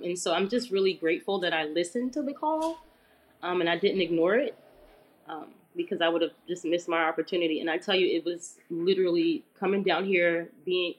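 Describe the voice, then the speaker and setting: Chatty woman telling a personal story. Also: on the low side. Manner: relaxed, chatty, many fillers. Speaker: interview guest.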